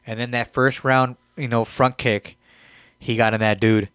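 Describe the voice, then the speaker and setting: This podcast co-host has a mid-range, fairly bright voice that is clear and resonant, with fairly even intonation and a moderate pace. He chats casually on a comedy podcast, laid-back and rambling, full of fillers, and quotes others in mock voices. The sound is clean studio audio with no room sound.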